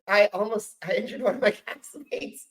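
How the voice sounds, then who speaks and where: A man's voice: high voice, moderate pace, fairly bright tone, rough recording. A man hosting a podcast interview, eager and admiring, with many fillers as he asks his questions. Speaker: podcast host. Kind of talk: casual interview.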